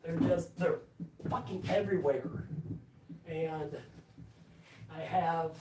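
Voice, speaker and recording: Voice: mid-range voice, slow, distant mic, noisy background. A live-stream host chatting casually from a basement workshop, rambling with lots of fillers and restarts and swearing offhandedly. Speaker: livestream host.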